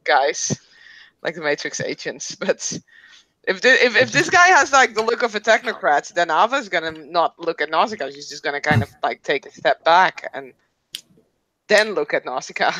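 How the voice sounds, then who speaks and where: Bright, soft-spoken woman player. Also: fairly low pitch, lively intonation, normal speed, no room sound. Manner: soft-spoken, hesitant, with frequent fillers. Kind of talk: casual chat at a tabletop game. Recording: dull lo-fi sound.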